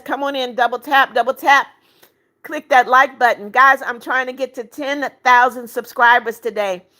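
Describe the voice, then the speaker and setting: A woman's voice: fairly high pitch, fairly bright tone. Chatty woman hosting a livestream. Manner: brisk, chatty, repeats greetings, pleads for likes. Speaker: livestream host reading viewer comments. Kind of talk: casual live chat.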